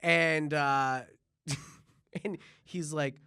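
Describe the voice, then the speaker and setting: A man's voice: fairly high pitch, drawn-out words, creaky, clear, resonant tone, no echo, studio quality. A man hosting a podcast, telling a comic story and acting out the people in it. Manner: animated, acts out voices in anecdotes. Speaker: podcast host. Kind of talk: comedic storytelling.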